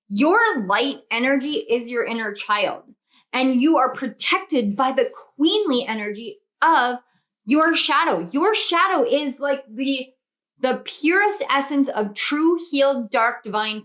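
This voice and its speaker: High-voiced excitable woman reading tarot. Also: a little slow. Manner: gushing, excitable, spiritual, exclamatory. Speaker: tarot reader. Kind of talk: pick-a-card tarot reading to camera.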